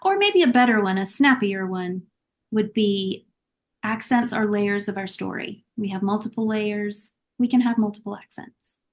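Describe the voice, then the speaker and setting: A woman speaking as a guest accent coach in a podcast interview, giving measured and encouraging advice. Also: medium pitch, expressive. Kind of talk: conversational interview answers.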